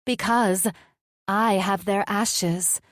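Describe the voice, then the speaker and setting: A woman's voice: medium pitch, slow pace, dry recording, studio quality, pitched above the performer's own voice, close to an everyday voice. A woman voicing a seductive, taunting female djinn who speaks in a coy, sing-song way.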